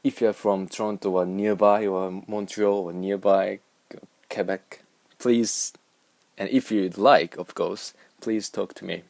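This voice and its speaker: A man's voice: fairly low pitch, fairly even intonation, measured pace, gravelly, a little mellow, no echo. A young man with a Japanese accent, rambling and musing aloud in a casual vlog. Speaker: vlogger.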